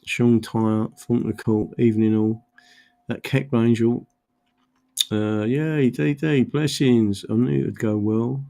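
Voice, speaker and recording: A man's voice: mid-range voice, fairly even intonation, slow pace, vocal fry, mellow. A tired man from England hosting a casual livestream, greeting viewers by name and rambling with many fillers. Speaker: livestream host. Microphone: computer mic, camera off.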